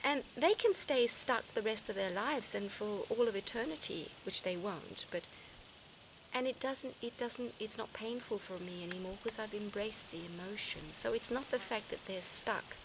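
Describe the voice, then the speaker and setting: A woman's voice: medium pitch, moderate pace, low-quality recording. A woman speaking reflectively to her viewers in a personal vlog, earnest and searching, often restarting her sentences. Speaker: vlogger. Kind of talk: reflective personal talk to camera. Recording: outdoor noise behind voice.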